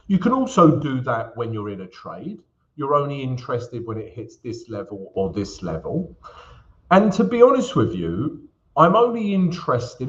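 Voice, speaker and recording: A man's voice: mid-range voice, muffled recording. A man from England hosting a live trading stream, chatting with viewers by name and talking through charts in a casual, joking way. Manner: chatty, greets viewers by name, jokes between chart talk. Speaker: forex trading stream host.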